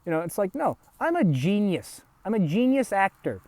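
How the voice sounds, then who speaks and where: Male vlogger, affected put-on accent, profane rambling delivery, very lively pitch. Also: moderate pace, dry recording. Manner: talks in a put-on affected accent, throat held low; profane, rambling, restarts and repeats words. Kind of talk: rambling solo monologue.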